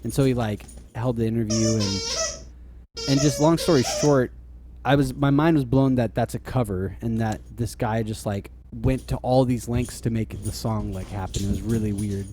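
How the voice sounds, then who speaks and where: Background noise sits under this man's medium-pitched voice as he co-hosts a podcast at a normal speed. His casual chat rambles, packed with "like" and frequent laughter.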